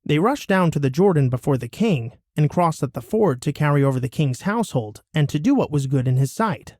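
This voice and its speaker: A man reading a Bible passage aloud in a steady, expressive way. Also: fairly high pitch, brisk, dry recording, clean studio sound. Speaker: scripture reader.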